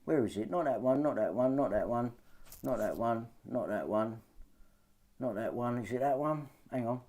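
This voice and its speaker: A man's voice: medium pitch, moderate pace, warm tone. A man ranting to his viewers, agitated and swearing often, repeating himself to drive points home. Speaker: vlogger. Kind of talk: ranting monologue to camera.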